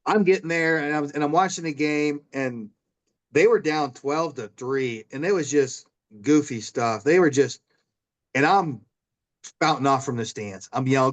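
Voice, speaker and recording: A man telling lively stories as a guest in a casual conversation, acting out his own yelling. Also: a little high, moderate pace. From Illinois. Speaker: guest, former semi-pro football player.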